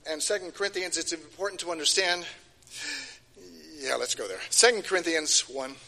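An older man delivers a sermon in a slightly high, bright, forceful voice, hammering home key phrases as his pitch rises and falls. The recording carries a long hall reverb.

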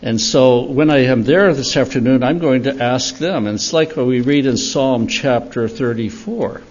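An older man giving a storytelling sermon for children at church, animated and chuckling as he tells it. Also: mid-range voice, normal speed, muffled recording, a little hiss or hum. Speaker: church speaker.

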